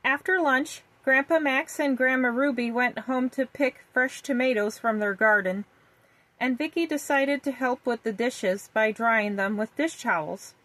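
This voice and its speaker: A woman reading a children's story aloud in a gentle, even storytelling manner. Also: on the high side, measured pace, low-quality recording.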